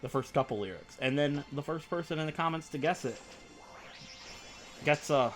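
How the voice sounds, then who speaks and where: A man hosting a let's play, rambling and joking excitedly over his game. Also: a little high, moderate pace, faint music behind. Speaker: gaming channel host.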